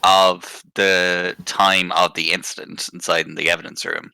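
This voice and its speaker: A man with a fairly deep but bright, forward voice talks through a game in a relaxed group stream chat. He is on a headset mic and happily goes on at length while recapping what happened. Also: measured pace, creaky, clear, resonant tone, no echo, rough recording. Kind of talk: casual gaming chat.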